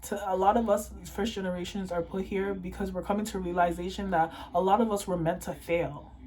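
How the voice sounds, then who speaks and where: A young woman from Toronto, Canada, has a medium-pitched, darkish voice with fairly even intonation, speaking a little fast. Tearful and impassioned, she rants and swears in an emotional monologue to camera for her vlog. The recording is rough.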